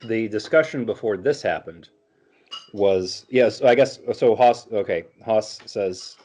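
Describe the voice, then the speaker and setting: A man's voice: on the low side, a little slow, mellow. A man playing in a tabletop game, chatting casually and hesitantly. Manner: hesitant, restarting. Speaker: player.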